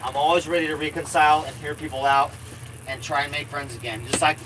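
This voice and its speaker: Man, casual live-stream chat, somewhat high voice, rambling, cursing, repeats himself, RV interior, noisy hiss behind. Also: fairly even intonation, fast. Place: inside an RV.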